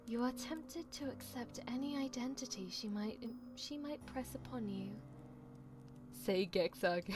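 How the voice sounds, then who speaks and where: A woman's voice: fairly high pitch, darkish tone. A woman streamer reading a visual novel aloud and chatting playfully with her viewers. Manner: playful, giggly asides to chat.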